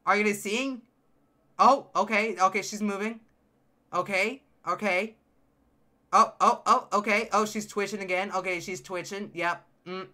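A man streaming a game live, reacting with loud, excitable outbursts and teasing his chat. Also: high voice, normal speed. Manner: addresses chat directly, playful teasing. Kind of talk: live gameplay commentary.

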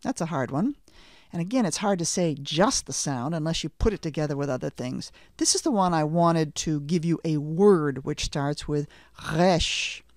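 A middle-aged woman teaching a language lesson, slowly and deliberately saying letter names and asking the listener to repeat after her. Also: low-pitched, lively intonation, darkish tone, no room sound, studio quality. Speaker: Hebrew teacher. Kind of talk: slow, careful language lesson with repetition drills.

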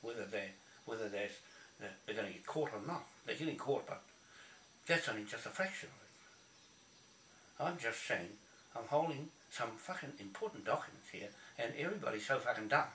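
A man's voice: medium pitch, animated, normal speed, pushed and bright, roomy sound, far from the mic, a little hiss or hum. A man from New Zealand delivering a blunt, profane, repetitive ranting monologue to camera. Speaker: video blogger.

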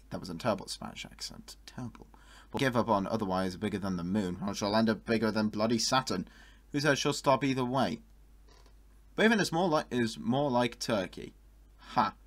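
A young YouTuber with a lowish voice reacts casually to online art, getting excited, breaking into high-pitched exclamations, and laughing often.

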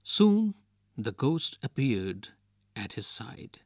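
A man with an Indian English accent reads a schoolbook story slowly. His intonation rises and falls a great deal. The recording is dry and close. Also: medium pitch, big pitch swings, a little mellow, dry recording. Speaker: lesson narrator. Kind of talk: reading a textbook story aloud.

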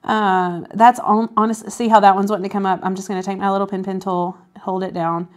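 Woman doing a craft demo on a stream, mid pitch, jokey, talks thru each step. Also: flat delivery, brisk, darkish tone. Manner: playful, self-mocking, explains steps as she works. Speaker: co-host. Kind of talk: casual livestream craft demo.

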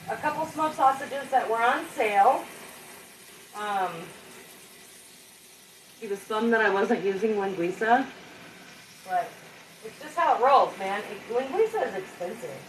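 A woman's voice: medium pitch, fairly bright tone, a little hiss or hum. Woman cooking live, just chatting with viewers, kinda far from the mic, echoey kitchen. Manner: chatty and self-deprecating, talks to viewers directly. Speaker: home cook hosting a live cooking stream. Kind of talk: casual live cooking chat. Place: home kitchen.

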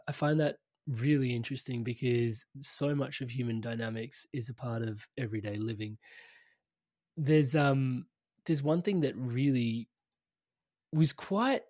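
A man's voice: mid-range voice, a little slow, long pauses, a little mellow, no echo, studio quality. A man hosting an interview, chatting casually, laughing often and swearing now and then. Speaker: podcast host.

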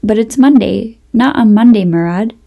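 A woman's voice: medium pitch, moderate pace, creaky, lo-fi sound. A woman reading the lines of an anxious, timid grown man, a college lecturer, who pleads and stammers, as part of a storybook reading.

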